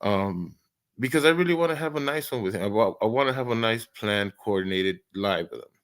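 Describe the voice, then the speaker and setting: A man's voice: lowish voice, animated, fairly quick, a bit bright. Rambling, stammering man on a live stream. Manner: rambling, stammering with many restarts; laughs often, easygoing. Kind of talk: casual live stream chat.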